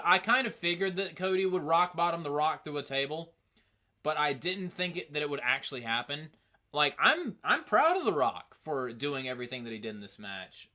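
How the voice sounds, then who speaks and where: Lively, profane male reviewer. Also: fairly high pitch. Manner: animated, profane, rambling. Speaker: host. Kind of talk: casual review commentary.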